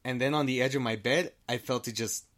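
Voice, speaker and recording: Man, casual storytelling, middle pitch, rambling, restarts a lot, swears freely, acts out quoted dialogue. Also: steady tone, fairly quick, fairly bright tone. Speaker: storyteller guest.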